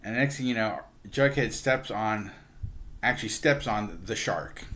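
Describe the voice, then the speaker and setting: A man's voice: fairly low pitch, lively intonation, unhurried, pushed and bright. A man casually retelling a comic book story, acting out the characters' lines with a chuckle here and there. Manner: chatty, acts out characters with lots of "he's like"; chuckles while telling. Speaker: book reviewer.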